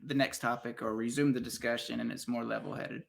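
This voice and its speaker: A man's voice: mid-range voice, little pitch movement, brisk, creaky. A man hosting a casual panel stream, joking and laughing easily with the guests. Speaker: stream host.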